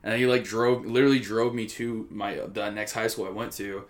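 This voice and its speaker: A man's voice: on the low side, steady tone, a little fast. A young man co-hosting a podcast, telling stories from his teens in a rambling, profane, self-mocking way. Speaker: podcast co-host. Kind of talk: casual chat.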